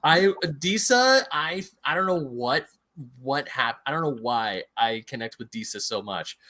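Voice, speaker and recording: A man co-hosting a podcast, gushing and excitable as he chats in a casual discussion. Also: mid-range voice, unhurried. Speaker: podcast co-host.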